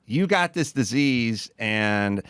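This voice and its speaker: A man's voice: mid-range voice, lively intonation, slow pace, a bit bright, clear, resonant tone, dry recording. A male podcast host riffing in casual comedic chat, rambling and sardonic.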